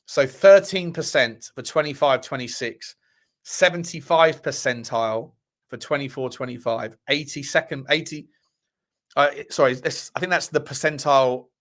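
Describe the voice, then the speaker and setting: A man hosts a football fan livestream in a mid-range voice with a fairly bright tone and a normal pace. As the channel's host, he chats casually and rambles, correcting himself and joking with the live chat.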